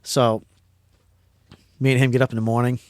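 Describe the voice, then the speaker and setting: A middle-aged man from Pennsylvania, a podcast guest telling a story in casual, rambling, excitable talk that stumbles over repeated words. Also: mid-range voice, moderate pace, no echo.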